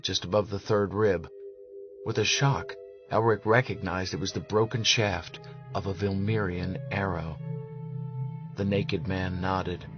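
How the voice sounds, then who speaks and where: A man reading fantasy narration in a measured, steady way. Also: deep voice. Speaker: audiobook narrator. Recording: dull lo-fi audio with music behind.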